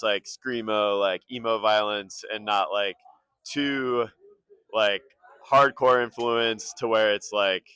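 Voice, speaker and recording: Low, bright-voiced young man rambling. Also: clear, resonant tone, no room sound. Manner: rambling, heavy use of "like". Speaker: band member. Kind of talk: casual interview chat.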